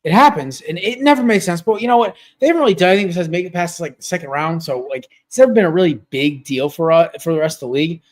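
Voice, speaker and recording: A man's voice: on the high side, animated, fast, hardly any pauses. A man co-hosting a sports podcast over a video call, rambling and chatty with many fillers. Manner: rambling, lots of fillers and restarts. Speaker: podcast co-host. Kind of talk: casual sports chat. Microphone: home setup on a video call.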